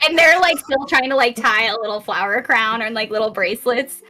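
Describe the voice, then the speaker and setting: A woman running a tabletop game as game master, telling the scene with frequent laughs and a lively storyteller's manner. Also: fairly high pitch, fairly quick, over music.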